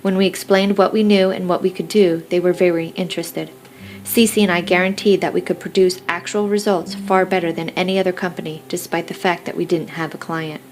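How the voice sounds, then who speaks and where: A woman narrating a first-person romance audiobook in an even, unhurried way. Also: lowish voice.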